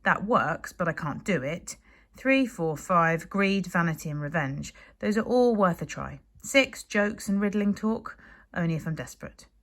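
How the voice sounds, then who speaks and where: An exasperated young Viking boy in a storybook, forever pleading with a pet that won't listen, read by a woman. The voice lifts a little above her own and strains when he shouts. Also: fairly low pitch, expressive, unhurried. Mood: reasoning. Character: young boy Viking, harried dragon trainer.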